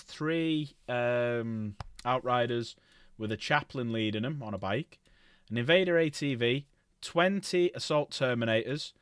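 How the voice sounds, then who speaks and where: A man in the middle of his pitch range talks casually on a livestream, running through long lists and stopping often to correct himself. The sound is dry and close, with almost no room around his voice. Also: fairly bright tone, smooth, no echo. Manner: rambling, self-correcting, lists items aloud. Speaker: streamer.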